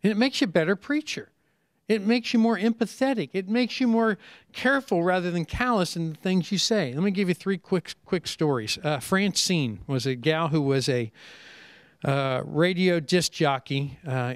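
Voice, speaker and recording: A middle-aged preacher speaks on a conference panel, his voice sitting a little high for a man. He tells stories in a lively way and acts out the people in them. The sound is close and dry, with no room echo. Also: normal speed. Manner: lively storytelling, acting out quoted people. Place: conference seminar session.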